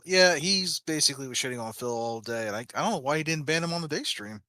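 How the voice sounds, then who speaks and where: A man co-hosting a casual chat in a laid-back, mocking way. His voice is bright and crisp, recorded close and dry. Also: fairly high pitch, expressive, quick pace, hardly any pauses, dry recording. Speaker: co-host.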